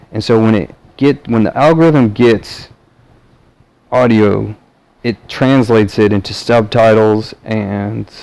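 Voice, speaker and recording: A vlogger from the American South talks to camera in a casual, meandering monologue packed with fillers and restarts. His voice is on the low side and a little mellow, on a low-quality recording.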